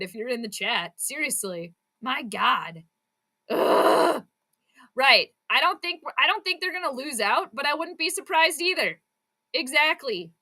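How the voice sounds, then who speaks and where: A woman hosting a live watch-along sports commentary, chatting with viewers and breaking into excited, frustrated outbursts. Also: a little high. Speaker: fan channel host.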